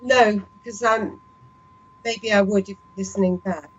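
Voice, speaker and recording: A woman singing student, talking slowly and thoughtfully between sung vowel exercises. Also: medium pitch, fairly even intonation, husky, muffled recording. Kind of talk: lesson exercises and chat.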